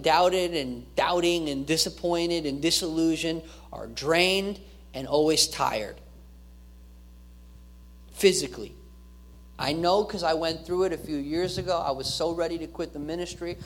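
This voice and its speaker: A man's voice: fairly high pitch, a bit bright. A male pastor giving an earnest sermon, repeating key phrases and restarting his words as he preaches.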